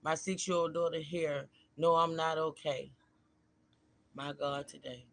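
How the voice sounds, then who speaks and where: A man with a bright, forceful voice sitting a little high for a man. He talks straight to his viewers in a loose, chatty way on a casual livestream and reads a post aloud. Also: level tone, measured pace, creaky, no echo. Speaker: livestream host. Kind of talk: casual live commentary, reading a post aloud.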